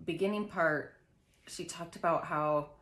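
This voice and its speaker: Podcast co-host: young woman, bright tone, chatty storyteller, roomy sound. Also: sits low, measured pace. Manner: chatty, laughs often, animated storyteller. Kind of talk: casual chat.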